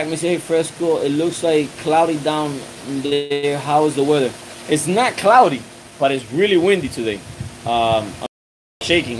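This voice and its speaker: A man's voice: fairly high pitch, slight background noise, rough recording. Chatty man on a casual live stream. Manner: rambling, loose and friendly, full of restarts and fillers. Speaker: livestream host answering viewer chat. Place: outdoors on a windy day.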